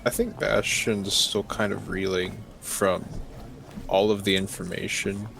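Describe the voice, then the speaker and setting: A man playing a tabletop game, talking slowly and hesitantly. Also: on the low side, little pitch movement, gravelly, fairly bright tone. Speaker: player. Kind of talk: tabletop role-play.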